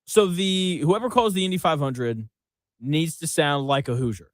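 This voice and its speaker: A man hosting a sports radio show in casual, joking banter, laughing often and tossing in quick asides. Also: on the high side, dry recording. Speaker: radio sports talk host.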